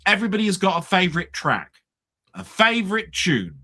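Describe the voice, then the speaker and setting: A man's voice: sits high, wildly swooping pitch, brisk, sharp tone. A man with a British accent hosting a live stream, ranting bluntly and swearing in casual chat. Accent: British English.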